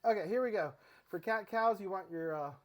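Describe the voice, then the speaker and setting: A middle-aged fitness vlogger with a high, slightly fast voice talks casually through his stretching routine while exercising, a little out of breath and rambling with fillers and restarts.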